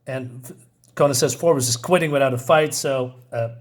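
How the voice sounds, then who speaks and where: A man's voice: mid-range voice, moderate pace. A man reviewing a comic book in a casual, rambling way, chuckling often and stopping for fillers.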